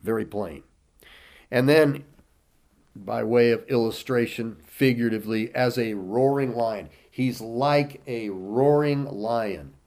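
A man delivers a sermon at an unhurried, deliberate pace, reading scripture aloud and putting rhetorical questions to his listeners. His voice sits at an ordinary middle pitch for a man. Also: a little mellow. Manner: reads scripture in King James wording with rising emphasis, asks rhetorical questions. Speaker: preacher.

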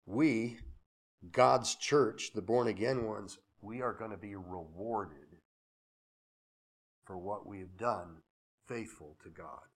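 A man preaching a sermon, swinging from emphatic declarations to hushed, reverent asides, with conversational anecdotes. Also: on the low side, slow, long pauses. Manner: conversational, with chuckles and acted-out anecdotes. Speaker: pastor.

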